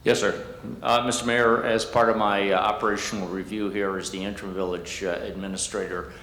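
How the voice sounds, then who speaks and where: A man's voice: on the low side, little pitch movement, fairly quick, a bit bright. A man speaking as interim village administrator, giving a formal, hesitant report to the board with many uh's. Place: village board meeting hall. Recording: echoey hall, long reverb, faint background noise.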